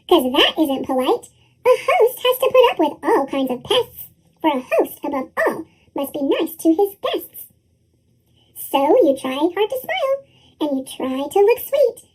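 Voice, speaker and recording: A squeaky, chipmunk-shifted voice reads a rhyming picture book in a bouncy sing-song. The pitch sits extremely high, and it leaps up and down through every line. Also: darkish tone. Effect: sped-up chipmunk pitch shift. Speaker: storyteller.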